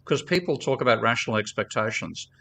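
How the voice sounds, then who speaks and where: A man's voice: medium pitch, expressive, gravelly, a bit bright. An older man with an Australian accent, a guest economist arguing his point bluntly. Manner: blunt, quick to object.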